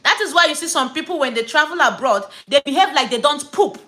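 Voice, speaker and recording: A woman's voice: sits high, lively intonation, fast, bright, forceful tone, rough recording. A woman from Nigeria with a Nigerian accent, telling a story and ranting to camera in a casual vlog, stressing points by repeating words and slipping into Pidgin. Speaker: vlogger.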